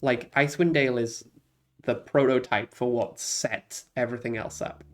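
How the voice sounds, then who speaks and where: A man's voice: medium pitch, fairly even intonation, normal speed. A man streaming, chatting casually about games he played, rambling with many fillers and restarts and laughing often. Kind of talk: casual chat.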